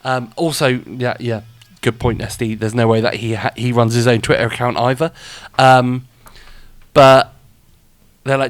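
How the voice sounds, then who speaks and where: A man's voice: medium pitch, flat delivery, measured pace, long pauses, no echo. Chatty, rambling male stream host. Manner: rambling, chatty, laughs often. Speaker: radio show host and streamer. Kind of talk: casual live-stream chat.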